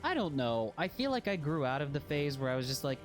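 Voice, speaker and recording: A man's voice: fairly high pitch, big pitch swings, brisk, faint music behind. A man casually chatting while streaming a video game, rambling and joking at his own expense. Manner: rambling, self-deprecating, jokey. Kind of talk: casual gameplay chat.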